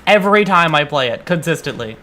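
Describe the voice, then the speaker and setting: A man's voice: fairly high pitch, expressive, a little fast, sharp tone, a little hiss or hum. A man streaming a game and chatting casually, exasperated, swearing often and stumbling over restarts. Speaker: VTuber streamer. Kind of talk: casual gaming stream chat.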